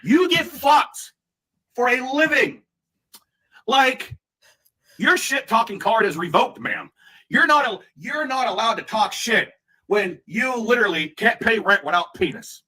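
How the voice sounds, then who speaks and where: A man streaming a crude, mocking rant with sudden shouting bursts. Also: very high-pitched, lively intonation, a little slow. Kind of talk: ranting livestream commentary.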